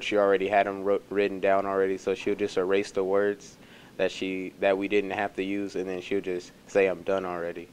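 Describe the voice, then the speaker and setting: A man's voice: sits low, a little hiss or hum. A teenage boy briefly and plainly recounting a classroom memory for a memorial. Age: teens. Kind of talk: memorial tribute.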